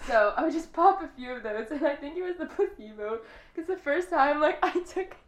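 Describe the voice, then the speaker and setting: A young woman hosting a podcast, chatting casually and telling lively stories with frequent laughter. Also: sits high, a little fast. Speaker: podcast host. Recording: roomy echo.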